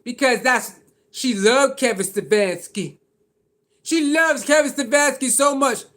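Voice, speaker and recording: Brief: very high-pitched male sports commentator, heated and slangy, hammering the same points over and over. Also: measured pace, a bit bright. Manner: heated, slangy ranting with repetition. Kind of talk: reaction commentary on a clip.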